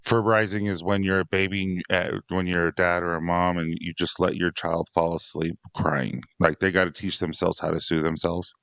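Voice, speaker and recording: A man's voice: low-pitched, flat delivery, moderate pace, vocal fry, hardly any pauses, fairly bright tone, no echo. A man who is a father of six, talking casually on a dads podcast, rambling and laughing often. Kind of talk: casual conversation.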